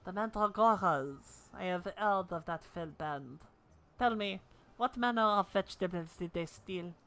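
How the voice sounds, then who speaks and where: A woman voicing a theatrical, bumbling gentleman inspector in a video game, speaking in old-fashioned formal phrasing. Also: on the low side, a little slow. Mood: dramatic.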